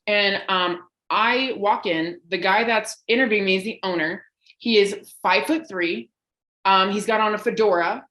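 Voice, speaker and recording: A woman's voice: medium pitch, normal speed, poor audio. A young woman from Colorado, a bartender and comedian, telling stories as a guest on a casual podcast with lots of laughter and swearing. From Colorado, USA. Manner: loud, laughing, swearing storyteller.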